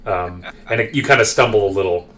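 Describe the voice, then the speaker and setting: A man with a fairly low voice runs a solo tabletop session. He narrates haltingly, full of fillers and restarts as he describes each character. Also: fairly bright tone. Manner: hesitant, many fillers and self-corrections. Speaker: game master.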